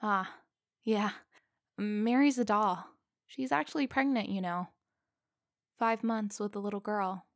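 A woman voicing a big, brash male hunter who talks in a blunt, casual, slightly gruff way. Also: medium pitch, slow, pauses often, no echo, clean studio sound.

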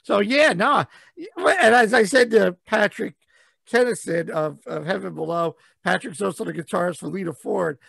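A man hosting a podcast interview in casual chat, excitable and cursing freely. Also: high-pitched, moderate pace, vocal fry, dry recording. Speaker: podcast host.

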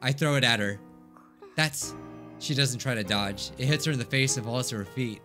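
A man's voice: medium pitch, normal speed, over music. A young man hosting a let's play, reading visual novel text aloud with dramatic, exclaiming reactions. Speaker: gaming let's play host.

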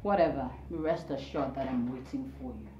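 A woman's voice: extremely low pitch, normal speed, warm tone, slight background noise. An actress with a Nigerian accent playing a cold, dismissive young woman who gives orders. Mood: scornful. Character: haughty young woman, scornful fiancée. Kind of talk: film drama acting. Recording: echoey, dull sound with music.

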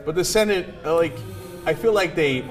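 A man hosting a political commentary show, talking fast and mocking his targets with put-on voices. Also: fairly high pitch, over music. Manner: animated, mocking impressions, laughing. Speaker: host.

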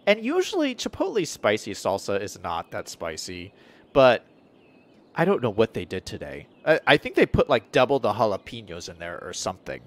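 A man live-streaming a city-building game, talking his plans through out loud and changing his mind as he goes. His pitch swings widely, rising and falling from one phrase to the next. He speaks casually, straight into a desk mic. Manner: thinks aloud, chatty, self-correcting. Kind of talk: casual gameplay commentary.

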